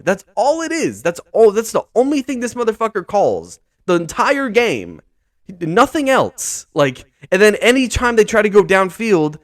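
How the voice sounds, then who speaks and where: A young man with a fairly high voice that swings all over as he rants. He talks casually and profanely, full of frustration, and keeps saying "dude" as a podcast host. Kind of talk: casual ranting recap.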